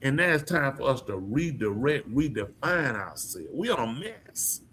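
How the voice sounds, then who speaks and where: A man's voice: medium pitch, big pitch swings, moderate pace, a bit bright, slight background noise. A man hosting a podcast, talking in a casual, emphatic and preachy way, often asking his listeners questions. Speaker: podcast host. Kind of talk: casual opinion talk.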